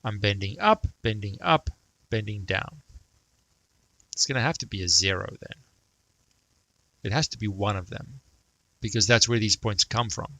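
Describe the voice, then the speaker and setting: A man's voice: on the low side, normal speed, pauses often, pushed and bright, no room sound, rough recording. A man teaching math, thinking aloud and muttering to himself as he sketches a graph. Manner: self-talk, mutters, jokes about praising himself.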